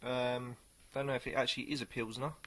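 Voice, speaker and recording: Man, casual beer reviewer, rambling and unhurried, mid-range voice. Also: mid-range voice, flat delivery, fairly bright tone. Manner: rambling, hesitant, many pauses.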